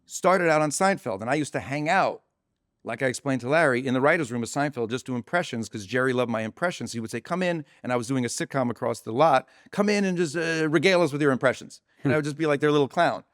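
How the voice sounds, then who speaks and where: A male comedian telling a story with animated energy, acting out the people in it. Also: mid-range voice, fast talker, no room sound, studio quality. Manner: animated, breathless, acts out every voice. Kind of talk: podcast anecdote.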